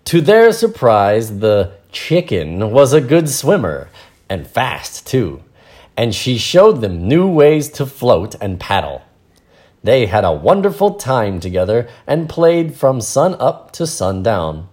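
A man reading a picture book aloud and explaining words in a relaxed, playful way. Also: medium pitch, slow pace. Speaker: storyteller and English teacher.

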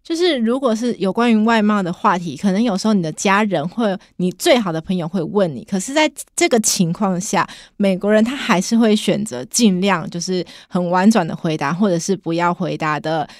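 A woman's voice: medium pitch, a little fast, hardly any pauses, no room sound, clean studio sound. A woman hosting a podcast lesson, explaining phrases in a chatty, encouraging way. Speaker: podcast host.

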